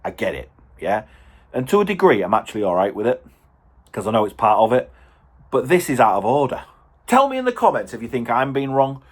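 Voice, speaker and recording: A man rants to his vlog audience, exasperated and animated. His voice is husky with a slightly rough edge. His pitch swings widely as he tells the story. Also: brisk. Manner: exasperated, animated, acts out quotes. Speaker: home car dealer vlogger. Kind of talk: ranting storytelling to camera.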